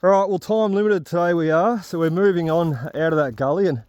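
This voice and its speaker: Out in the bush with his metal detector, a channel host narrates directly to his audience. He speaks briskly in a high, slightly mellow voice, with no room sound on the recording.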